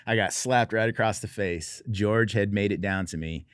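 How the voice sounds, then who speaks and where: This middle-aged Oregon man is a veteran guest recounting his own story conversationally, in a dry, low-key, self-mocking way. He speaks at a fairly low pitch and a slightly slow pace. The studio-quality recording has no room sound.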